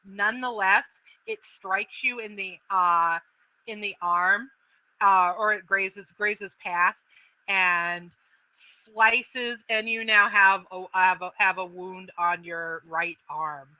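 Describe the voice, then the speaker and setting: A woman narrating a tabletop game as game master, describing actions step by step and pausing to find her words. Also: mid-range voice, fairly even intonation, bright, forceful tone, no echo, dull audio.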